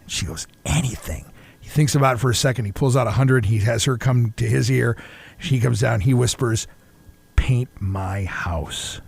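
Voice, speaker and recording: A male radio co-host with a gravelly voice talks in laid-back banter. He drops low and quiet when he tells a joke. His pitch sits in an ordinary middle range. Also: fairly even intonation, fairly quick.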